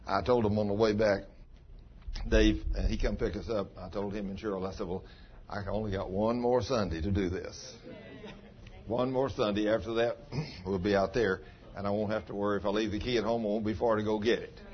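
A man's voice: lowish voice, steady tone, a little fast. A man pastor telling stories in a folksy, homespun sermon, with plain country grammar. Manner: folksy, ungrammatical country speech. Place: church. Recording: dull lo-fi sound.

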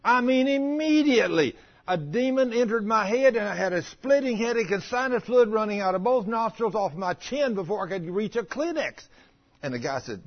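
Folksy, high-voiced older preacher. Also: male voice, moderate pace. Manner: folksy, animated, acts out quoted voices. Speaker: preacher in a healing ministry. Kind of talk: sermon storytelling. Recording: dull lo-fi recording.

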